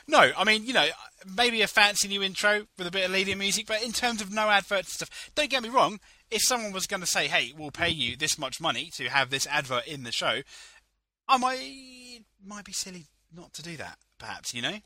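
Young man chatting loosely, bright voice. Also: high voice, expressive, fairly quick, no room sound. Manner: chatty, rambling, laughs often. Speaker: podcast co-host. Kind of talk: casual chat.

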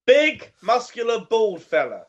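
Jokey, high-voiced man. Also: wildly swooping pitch, a little slow, lo-fi sound. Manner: jokey, punning, stumbles over words. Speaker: podcast co-host. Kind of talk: casual chat.

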